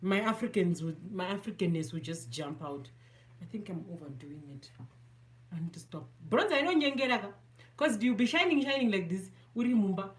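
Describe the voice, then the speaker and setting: A woman from Zimbabwe who vlogs about beauty talks through a makeup tutorial in an expressive, fairly quick, mid-range voice. Her Zimbabwean accent comes through as she chats casually, teases herself, and mixes Shona with English.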